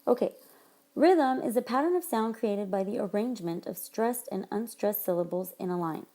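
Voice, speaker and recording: A woman teacher narrating a recorded lesson, explaining things clearly to her students. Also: mid-range voice, lively intonation, normal speed, mellow. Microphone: tablet microphone.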